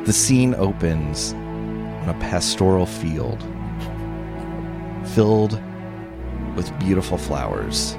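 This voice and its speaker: A man reading a mock radio commercial aloud, stage directions and all, in a hushed and dramatic way. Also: low voice, animated, vocal fry, over loud music, heavily acted. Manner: hushed, dramatic, drawn-out storytelling.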